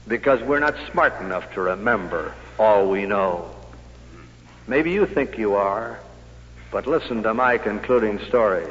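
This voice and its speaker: Older man, speech, dry humor, emphatic, echoey hall, dull old recording. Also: on the low side. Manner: dry humor, builds to loud emphatic peaks. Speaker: sales executive giving a speech. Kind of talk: storytelling speech to an audience.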